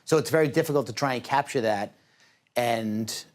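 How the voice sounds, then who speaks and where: A young man being interviewed in a TV studio. His voice sits at an ordinary pitch for a man. He talks in a casual, rambling way and fills his sentences with "like" and "I mean". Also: moderate pace. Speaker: guest, meme creator.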